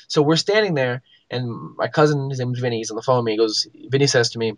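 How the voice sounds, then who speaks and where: A man's voice: medium pitch, fast talker, hardly any pauses, no room sound. A young man co-hosting a gaming podcast, telling stories in casual chat with many likes and ums. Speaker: podcast co-host.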